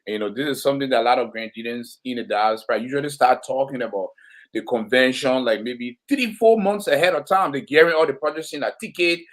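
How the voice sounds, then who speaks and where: Male community talk show host, stop-start delivery full of fillers. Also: medium pitch. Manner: halting, many fillers and restarts.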